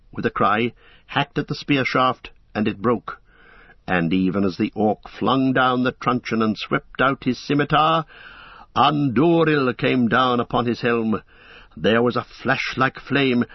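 A man reading a fantasy novel aloud as a steady audiobook narrator. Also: mid-range voice, unhurried, no echo, muffled recording.

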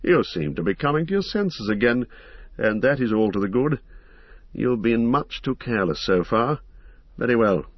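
A man's voice: mid-range voice, expressive, husky, no echo, lo-fi sound, voice pushed up. A man doing Strider, a grim watchful ranger. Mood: sly. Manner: measured, guarded, grim. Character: wary grim male ranger, weathered and watchful. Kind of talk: audiobook character voice.

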